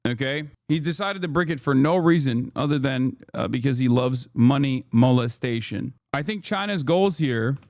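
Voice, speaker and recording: A man's voice: mid-range voice, moderate pace, hardly any pauses, darkish tone, dry recording, studio quality. A man giving casual live-stream commentary, ranting sarcastically and swearing as he reacts to the news. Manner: ranting, sarcastic, profane, repeats phrases.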